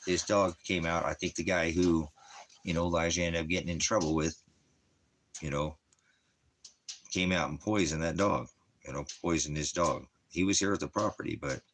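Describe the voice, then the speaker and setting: A man's voice: low-pitched, fairly even intonation, normal speed, pauses often, fairly bright tone, slight background noise. A middle-aged man in casual chat, rambling and repeating himself with plenty of "you know" as he talks. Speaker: ministry vlogger.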